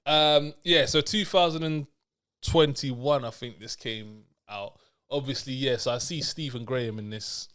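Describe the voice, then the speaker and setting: A man's voice: medium pitch, measured pace, a bit bright, clear, resonant tone. A young man co-hosting a film review podcast in casual chat, easygoing and teasing.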